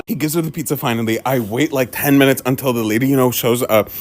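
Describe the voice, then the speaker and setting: A man telling funny personal stories in a casual, animated way, swearing and laughing as he goes. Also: mid-range voice, fast, few pauses. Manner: animated and exaggerated, swears and laughs mid-story. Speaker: storyteller. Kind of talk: casual comedic storytelling.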